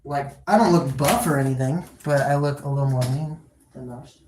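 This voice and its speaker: A woman's voice: extremely low pitch, moderate pace, warm tone, a little hiss or hum. A woman livestreaming from her phone at home, chatting loosely and rambling, swearing casually as she goes. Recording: echoey room.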